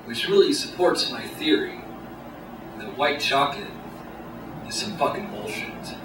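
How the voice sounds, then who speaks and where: Deadpan stand-up man in an echoey club. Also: medium pitch. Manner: deadpan, halting delivery with many pauses. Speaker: stand-up comedian. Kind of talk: stand-up set. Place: small comedy club stage. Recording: echoey room, distant mic, noisy. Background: audience laughter.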